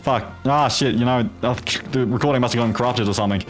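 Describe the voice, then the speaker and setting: A man's voice: medium pitch, quick pace, faint music behind. A man hosting a gameplay video in a put-on Australian accent, rambling with profane, jokey asides. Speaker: gaming video host. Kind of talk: casual gameplay commentary.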